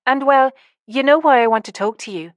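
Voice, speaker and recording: A woman narrator voicing an eager, excitable young woman in an audiobook. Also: high-pitched, a little fast, no echo, studio quality, pitched above the performer's own voice, lightly acted.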